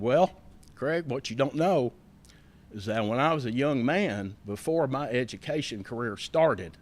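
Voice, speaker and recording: A man giving a folksy, emphatic public speech at a college facility opening, telling stories and thanking people. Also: medium pitch.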